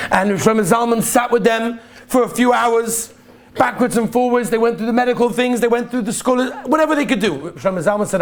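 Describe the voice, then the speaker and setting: A man's voice: very high-pitched, quick pace. A man, a rabbi, giving a sermon and telling stories in an earnest, emphatic way, repeating key phrases. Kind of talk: sermon with storytelling.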